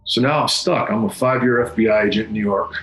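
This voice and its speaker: A middle-aged man giving solemn personal testimony, halting and often repeating his words. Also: on the low side. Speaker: former federal agent recounting a memory. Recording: echoey room with faint music.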